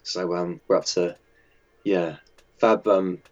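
A man with a very deep voice talks through his work in a casual interview. He rambles along with lots of ums and false starts. The recording is dull and lo-fi. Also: steady tone, slow, darkish tone. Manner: chatty and hesitant, with many fillers and restarts. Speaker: magazine editor and designer.

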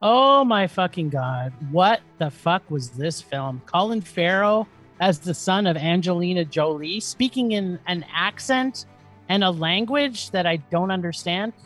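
A woman's voice: lowish voice, lively intonation, a little slow, a bit bright, faint music behind. A woman co-hosting a podcast, giving a profane and dramatic film review rant. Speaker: podcast co-host.

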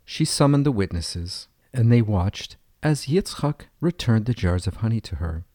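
Male storyteller, storybook narration, steady, mellow tone, dry sound. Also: fairly low pitch, normal speed, no echo.

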